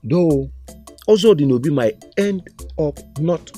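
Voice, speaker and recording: An actor with a Nigerian accent playing a village nobleman speaking in a measured, conspiratorial way, in a film drama. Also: on the high side, animated, mellow, soft background music. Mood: conspiring.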